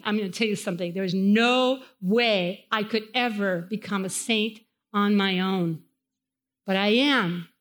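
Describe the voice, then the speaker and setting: A woman's voice: sits high, fairly bright tone. Woman preaching with a Spanish accent. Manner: emphatic, repeats phrases for stress. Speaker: pastor. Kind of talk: sermon. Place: church chapel.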